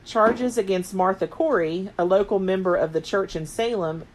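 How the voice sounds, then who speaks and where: A woman's voice: mid-range voice, moderate pace. A woman in her late thirties, co-hosting a podcast and retelling history in casual chat, rambling and full of filler words. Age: late 30s. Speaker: podcast co-host.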